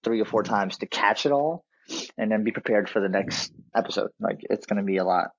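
A husky, fairly low-voiced man co-hosts a podcast from a remote line that sounds dull and muffled. He talks bluntly and with animated feeling. His delivery stays casual and conversational. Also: brisk. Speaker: podcast co-host. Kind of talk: casual chat.

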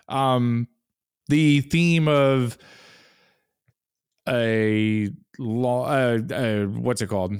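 Laid-back man with a smooth voice. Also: mid-range voice, very slow, long pauses, darkish tone, dry recording, studio quality. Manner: laid-back, swears casually, searches for words. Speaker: podcast co-host. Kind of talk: casual film chat.

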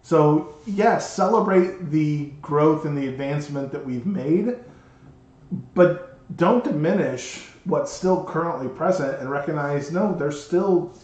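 A man's voice: on the high side, unhurried. A man in his thirties co-hosting a podcast, chatting casually and telling rambling stories with lots of restarts. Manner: rambling, animated storytelling with many restarts. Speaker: podcast co-host. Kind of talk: casual chat. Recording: echoey room, dull lo-fi sound.

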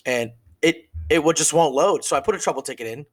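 A man's voice: on the high side, fast talker. Casual profane man co-hosting. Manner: rambling, profane, trails off. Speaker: podcast co-host. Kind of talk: casual chat.

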